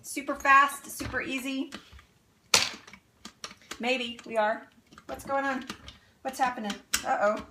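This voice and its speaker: Upbeat woman cooking host, home kitchen, slightly high voice, faint pan clatter behind. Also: steady tone, slow, pauses often, background noise. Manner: chatty and upbeat, laughs often. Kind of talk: live cooking demonstration.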